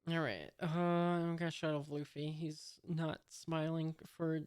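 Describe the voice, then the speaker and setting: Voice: medium pitch, little pitch movement, a little slow, a little mellow, smooth, no room sound, clean studio sound. A host reading a comic aloud for the first time, hesitant and commenting along, reading out sound effects and punctuation.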